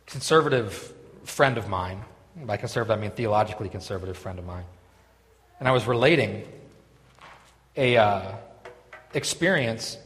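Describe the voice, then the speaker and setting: Lively male preacher in a reverberant hall. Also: mid-range voice. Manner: animated, conversational, swings from loud reading to quiet asides. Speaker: pastor. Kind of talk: sermon.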